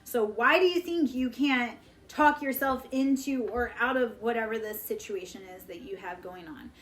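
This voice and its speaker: A woman's voice: a little high, moderate pace. A woman in her forties talking bluntly and profanely on a live stream, preachy and fired up. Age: 40s. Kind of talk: casual live-stream monologue.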